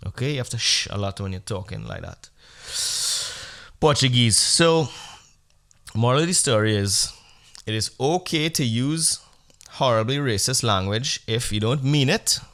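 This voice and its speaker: A man's voice: fairly low pitch, fairly bright tone. Male comedy podcast host, rambling storyteller, profane and mock-earnest.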